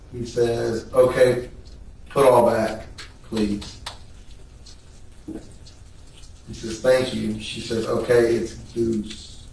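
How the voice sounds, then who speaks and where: A man testifying in court, reading text messages aloud in a measured, flat way. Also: mid-range voice, gravelly, slight background noise. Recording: echoey room, voice picked up from a distance.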